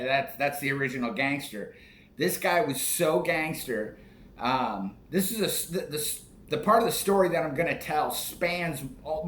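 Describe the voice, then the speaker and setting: A man's voice: mid-range voice, a bit bright. A man in his forties telling a story in a casual, profane, rambling way, often restarting his sentences. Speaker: podcast host. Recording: echoey room, faint noise.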